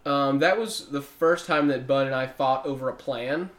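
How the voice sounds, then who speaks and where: A man chats casually on a podcast about his tabletop game, dropping dry, wry remarks. His pitch is middling. The room gives his voice an echo. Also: moderate pace. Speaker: player and podcast co-host. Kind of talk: casual chat. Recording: echoey room.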